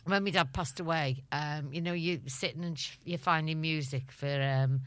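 A middle-aged Liverpool woman with a Scouse accent is a guest in a casual interview, telling stories and laughing often. Her voice is low, her pace moderate, and there's no echo.

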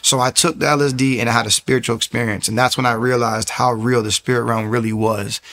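Man telling his testimony in quick bursts. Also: little pitch movement. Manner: fast, rambling storytelling with frequent restarts; surges louder and higher at emotional peaks. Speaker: speaker giving a personal faith testimony. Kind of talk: spoken personal testimony.

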